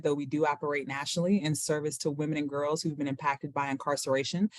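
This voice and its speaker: A woman with a Southern Louisiana accent speaking on a panel call, lively and folksy, laughing easily. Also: low-pitched, dry recording. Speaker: panelist, nonprofit founder.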